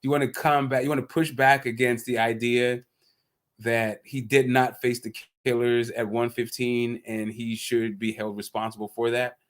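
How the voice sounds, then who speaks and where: A man's voice: medium pitch, flat delivery, moderate pace. Joking, loose-talking male stream host. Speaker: podcast host. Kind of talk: casual boxing chat on a stream.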